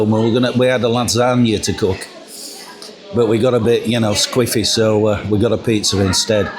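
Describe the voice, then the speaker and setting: A middle-aged man, chatting casually and jokingly as he walks and films through windy outdoor steps and narrow yards. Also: lowish voice. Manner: chatty, jokey, rambling with ums. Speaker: vlogger. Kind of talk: casual walking vlog. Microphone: camera mic with windshield.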